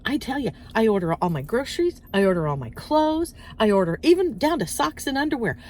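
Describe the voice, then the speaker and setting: A woman with a fairly high voice rants casually into her phone while waiting outdoors, and she bounces from story to story, acting out little voices. Her delivery is animated and chatty. A faint outdoor hum sits under her voice. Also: brisk. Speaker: vlogger. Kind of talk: casual chatty rant to camera. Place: outdoors, waiting in parked car area.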